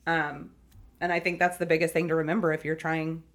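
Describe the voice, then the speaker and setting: A woman's voice: sits low, little pitch movement, fairly quick. A woman who is a teacher and foster parent, talking earnestly in an interview, telling her story with feeling and frequent small laughs. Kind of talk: conversational interview.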